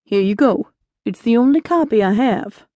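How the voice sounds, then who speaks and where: Woman reading as a fatherly old storekeeper, gentle and careful, dry close sound. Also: a little high, expressive, moderate pace, dry recording, muffled recording. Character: kindly older male shopkeeper, fatherly and cautious.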